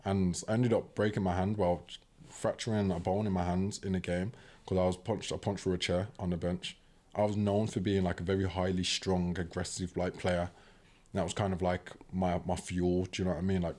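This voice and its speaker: Podcast guest: young British man, low voice, animated casual storytelling. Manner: animated, acts out quoted voices; fills talk with "do you know what I mean".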